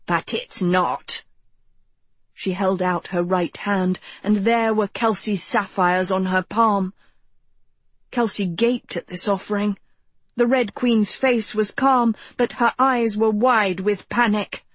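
Slow, husky woman narrating a story. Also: medium pitch, no echo. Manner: measured, expressive reading. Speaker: audiobook narrator. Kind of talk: scripted narration.

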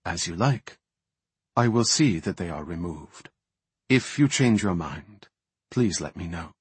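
A composed, gracious elf high priestess who speaks with formal courtesy, as a male reader voices her. The voice stays low, dry and a little husky. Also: lively intonation, a little slow, dry recording, exaggerated voice. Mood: polite.

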